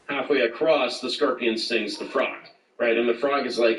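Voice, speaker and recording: A man's voice: mid-range voice, steady tone, moderate pace, few pauses, reverberant, recorded from a distance, background noise. A man speaking as an interview guest, rambling with many fillers and acting out quotes. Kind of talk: casual interview talk.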